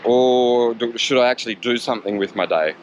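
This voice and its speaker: A joking Australian man chats casually as he cycles along roads before dawn. His voice sits in a middle register. Clear road and wind noise runs under his talk. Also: mid-range voice, brisk. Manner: chatty, joking, swears casually. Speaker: cycling vlogger. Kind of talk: casual vlog commentary while riding. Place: riding a bike outdoors on roads before dawn.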